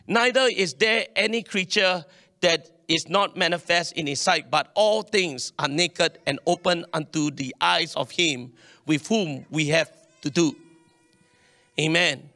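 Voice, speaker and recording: A man preaches to his congregation in a high, bright voice. He swings between loud declarations and quiet asides. The sound is close and dry. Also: measured pace, no room sound. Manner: animated preaching, calls to the congregation. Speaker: pastor. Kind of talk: sermon.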